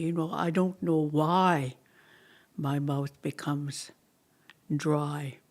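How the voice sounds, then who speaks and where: A language teacher leading a slow class, repeating each word many times with halting pauses and sometimes dropping to a near-whisper. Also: mid-range voice, flat delivery. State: dry mouth, thirsty.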